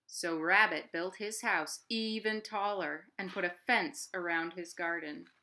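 A woman, a children's librarian at home, reading a picture book aloud to children with expressive storytelling and sound effects. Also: on the low side, measured pace, a little hiss or hum.

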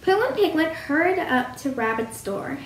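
Woman reading a storybook aloud, high voice, sing-song, echoey room. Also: big pitch swings, normal speed. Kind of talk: reading a picture book aloud. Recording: roomy with faint hum.

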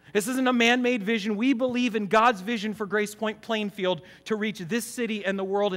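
High-voiced emphatic pastor. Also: male voice, a bit bright. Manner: emphatic, asks the congregation questions. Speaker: campus pastor. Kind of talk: sermon.

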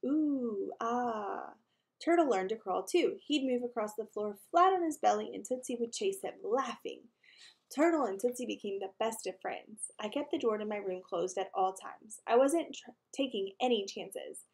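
A woman reading a children's chapter book aloud in an animated way, slowing for emphasis and putting questions to young listeners. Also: a little high. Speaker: reader.

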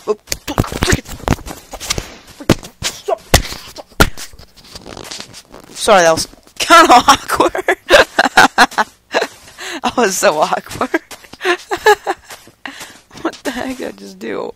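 A man's voice: very high voice, sing-song, slow pace, gravelly, pauses often, sharp tone. Hyper, giggly male gamer with noisy audio. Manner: hyper, rambling, giggly, makes random noises. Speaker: gameplay commentator. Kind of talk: casual let's-play commentary. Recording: noisy home recording.

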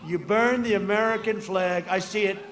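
An older man in his seventies giving a rambling rally speech outdoors, repeating himself and swinging between shouted lines and low asides. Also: normal speed. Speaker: politician speaking at a rally. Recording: echoey outdoor rally with crowd ambience.

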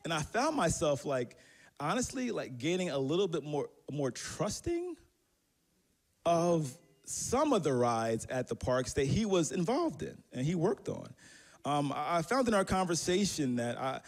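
A pastor with a high-ish, sing-song voice preaches a little slowly, telling a personal story in his sermon. He's conversational and self-deprecating, with many fillers and restarts.

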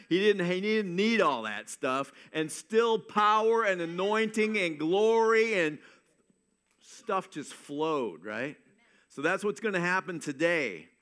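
A man delivers a lively, folksy sermon from the pulpit of a church. His voice sits notably high for a man, and he keeps it loose and joking as he drives his points home. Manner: energetic, joking, folksy preaching. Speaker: pastor. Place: church sanctuary.

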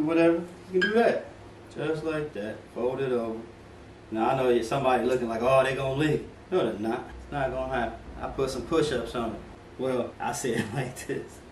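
A middle-aged man hosting a casual home cooking demonstration, joking and chatting straight to his viewers in relaxed slang. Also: mid-range voice, recorded from a distance. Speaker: home cooking video host. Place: home kitchen. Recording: echoey kitchen from off-mic, faint room noise.

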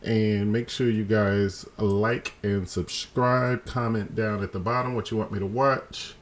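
A man's voice: on the low side, fairly even intonation, a little slow. A man hosting a reaction video, chatting casually and laid-back about a clip.

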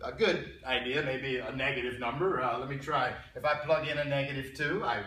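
A man teaching a college algebra class, pausing, restarting and often clearing his throat as he asks the students questions. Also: mid-range voice, bright, forceful tone. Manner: halting, repeats words, clears throat often. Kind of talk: classroom lecture. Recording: echoey classroom from far off.

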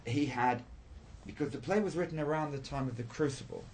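An older man, a theatre director, recalling his work in an interview, thoughtful and hesitant with frequent pauses and restarts. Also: a little high, darkish tone, a little hiss or hum. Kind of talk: reflective interview recollection.

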